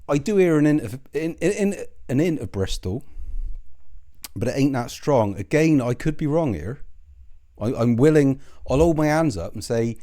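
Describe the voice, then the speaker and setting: A man's voice: medium pitch, lively intonation, moderate pace, warm tone. A man hosting his own channel, rambling in a sardonic, sweary commentary that keeps interrupting itself.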